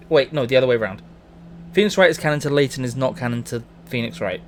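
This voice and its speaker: A man streaming a game in casual commentary, excitable, swearing and stammering as he wanders off on tangents. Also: mid-range voice, fairly quick, slight background noise.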